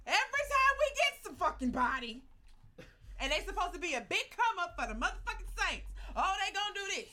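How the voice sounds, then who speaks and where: A woman's voice: very high voice, very animated, fairly quick, pushed and bright. A woman in casual sports chat, blunt and profane, arguing her points with lots of feeling.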